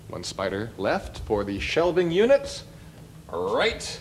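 Gentle man on children's TV. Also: mid-range voice, huge pitch swings, slow pace, slight background noise. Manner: friendly, gentle, storybook-like. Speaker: guest singer-songwriter. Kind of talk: children's TV acting and singing.

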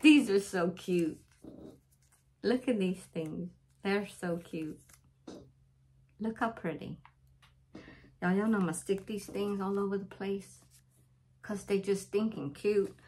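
A woman's voice: mid-range voice, takes it slowly, long pauses, darkish tone. A woman, opening birthday mail in a casual vlog, gushing and repeating herself as she talks to viewers. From Louisiana, USA. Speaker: crafting channel vlogger.

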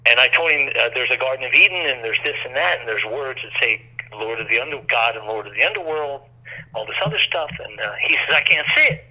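A man's voice: medium pitch, lively intonation, quick pace, bright, forceful tone. A man telling a long, rambling story as an interview guest, acting out quoted voices, over a phone line.

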